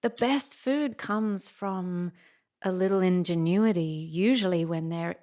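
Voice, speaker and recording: A woman's voice: fairly low pitch, a little slow, mellow. A woman hosting a podcast interview, chatting casually and sharing her own anecdotes with her guest. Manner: chatty, shares personal anecdotes. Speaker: podcast host.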